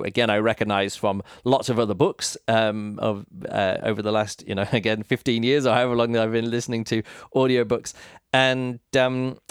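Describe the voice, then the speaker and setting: Podcast host guy rambling thru a book review, crisp clear voice, dead dry sound. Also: mid-range voice, dry recording. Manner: rambling, thinking aloud with many fillers. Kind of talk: casual spoken book review.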